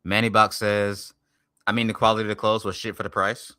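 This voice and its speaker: A man streaming and reacting to a video, talking loudly in profane slang and swinging between hype and mumbles. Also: lowish voice, flat delivery, brisk, no room sound, clean studio sound. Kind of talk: casual reaction stream chat.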